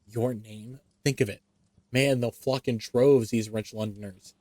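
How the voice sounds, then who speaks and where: A man voicing a man overjoyed at a sudden fortune, exultant and slow, in a dry recording. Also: medium pitch, fairly even intonation, dark tone, no echo, close to an everyday voice.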